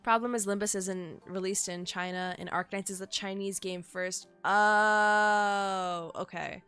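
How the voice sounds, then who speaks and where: A young woman streams a game, talking to her chat in a quick, excitable, unfiltered way and cursing often. Her voice sounds bright and forward, with faint game music playing beneath it. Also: fairly low pitch. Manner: excitable, chatty, swears freely. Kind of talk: casual live-stream commentary.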